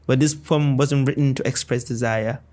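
A man's voice: mid-range voice, fairly even intonation, moderate pace, a little mellow. A man, a podcast guest, performing spoken-word poetry with a rhythmic, playful delivery full of wordplay.

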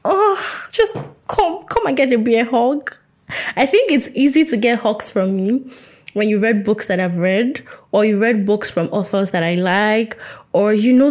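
A woman's voice: mid-range voice, darkish tone. A young woman hosting a podcast, talking in a chatty, playful way and acting out little conversations. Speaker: podcast host. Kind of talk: casual solo podcast chat.

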